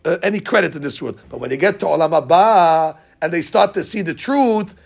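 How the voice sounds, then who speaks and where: Gravelly high-voiced rabbi preaching. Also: male voice, fairly quick. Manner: animated storytelling, acting out congregants' complaints; mixes Hebrew terms into English. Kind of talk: sermon.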